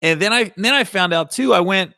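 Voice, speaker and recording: A man's voice: high-pitched, fairly quick, vocal fry, pushed and bright, no room sound, studio quality. A man hosting a comedy podcast in casual storytelling style, rambling and correcting himself, with a slight Ohio Valley twang.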